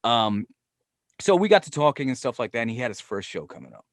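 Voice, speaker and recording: A man spins a long story in loose, swearing podcast chat, slipping into the voices of the people he quotes. His voice sits at a middle pitch, and the recording is dry and close, with no room sound. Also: brisk, dry recording. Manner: profane, animated, quotes himself and others. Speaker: podcast guest. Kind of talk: casual storytelling.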